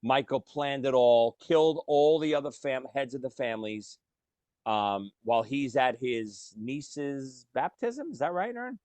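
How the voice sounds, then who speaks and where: A man's voice: mid-range voice, measured pace, no room sound. A man co-hosting a casual podcast, talking animatedly about films and acting out lines. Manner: animated, swears casually, acts out movie lines. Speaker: podcast co-host. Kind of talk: casual chat.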